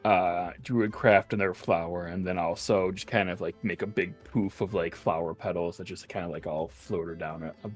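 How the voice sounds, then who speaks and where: A man's voice: deep voice, steady tone, normal speed, hardly any pauses, faint music behind. A man speaking as a player in a tabletop game, plain and matter-of-fact. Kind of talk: casual tabletop play.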